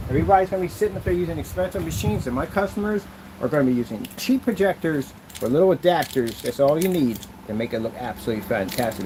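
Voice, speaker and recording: A man's voice: a little high, background noise. A man hosting a casual product demo vlog, rambling loosely with asides as he shows projection screens. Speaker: channel host demonstrating projection screens.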